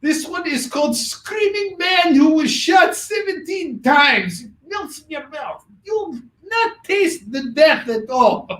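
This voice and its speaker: A man voicing a boastful chef with a put-on Russian accent, speaking slowly and shouting. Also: lively intonation, far from the mic, exaggerated voice. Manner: shouted, slow, booming. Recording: echoey room, off-mic.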